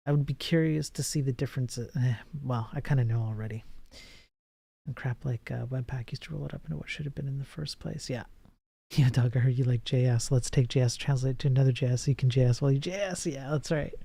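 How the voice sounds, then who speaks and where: A man in his forties talking casually on a live coding stream, his voice warm and mellow. He jokes, swears, and answers chat messages as they come in, in an easygoing way. The sound is dry and close, with very little room. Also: medium pitch, no room sound. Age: 40s. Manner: loose and joking, swears, reads out and answers chat.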